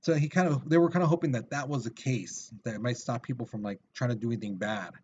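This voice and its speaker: A man's voice: mid-range voice, fast, a little mellow, slight background noise. Casual male teacher, dull recording. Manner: casual, chatty, with many fillers. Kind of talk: recorded video lesson.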